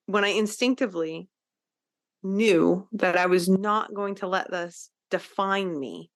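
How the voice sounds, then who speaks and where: A woman's voice: mid-range voice, a bit bright. A woman hosts a podcast and tells a personal story straight to the listener. Her talk is casual and full of fillers, with the odd swear word. She stresses the lessons she wants listeners to take away. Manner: earnest, driving home lessons to the listener. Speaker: podcast host.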